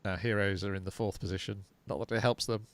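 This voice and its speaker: A man's voice: on the low side, steady tone, quick pace, no echo. A man co-hosting a podcast, recapping an episode casually and unhurriedly, with fillers. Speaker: podcast co-host.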